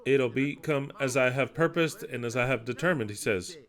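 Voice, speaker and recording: A man preaching a sermon, declaiming scripture loudly and dropping into quiet asides. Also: mid-range voice, moderate pace. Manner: emphatic, swings between loud declaiming and quiet asides.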